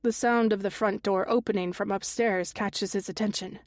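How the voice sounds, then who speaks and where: A woman reads a suspense audiobook in the first person, steady and even. She sits close to a studio microphone in a dead, dry booth with no room sound. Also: mid-range voice, moderate pace, dry recording. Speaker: audiobook narrator. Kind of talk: first-person thriller narration.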